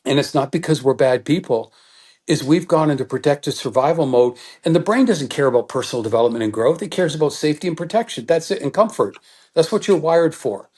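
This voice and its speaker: Man explaining trauma with animated gestures. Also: a little high, fairly quick, breathy edge. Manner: animated teaching, acts out quoted thoughts. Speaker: guest expert on trauma. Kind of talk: explanatory interview talk.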